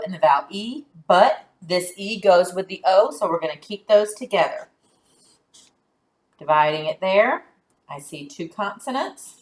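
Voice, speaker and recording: A woman teaching a children's phonics lesson, giving clear directions and encouraging praise. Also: medium pitch. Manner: slow, clear, drawn-out words.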